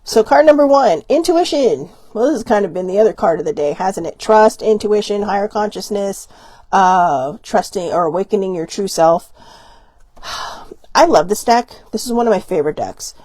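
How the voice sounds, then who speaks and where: Chatty woman host with a mellow voice. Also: mid-range voice, moderate pace, no room sound. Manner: rambling, chatty and self-deprecating, with frequent fillers. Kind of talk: casual oracle card reading.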